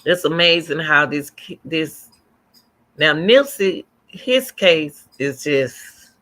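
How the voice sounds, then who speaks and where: A woman's voice: deep voice, lively intonation, takes it slowly, a bit bright. A middle-aged woman hosting a livestream, chatting casually and rambling as she answers viewer comments aloud. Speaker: livestream host.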